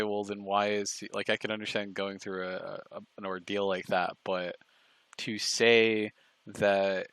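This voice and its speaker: A man in casual chat on a live stream, rambling and halting with restarts and fillers. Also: on the low side, a bit bright, dry recording. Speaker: stream co-host.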